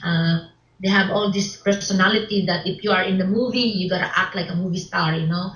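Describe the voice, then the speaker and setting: A woman being interviewed about her film work, speaking haltingly with many restarts and broken grammar. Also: medium pitch, steady tone, a bit bright. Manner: halting, repeats words, non-native English grammar. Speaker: interview guest, filmmaker. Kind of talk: casual interview. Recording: roomy, dull lo-fi sound.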